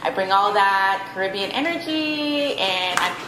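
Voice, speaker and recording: A woman's voice: medium pitch, lively intonation, a little slow, background noise. A woman from Los Angeles talking about her cooking in an interview clip, upbeat and enthusiastic. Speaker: home cook in an interview clip. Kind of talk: interview talk. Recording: echoey with music behind.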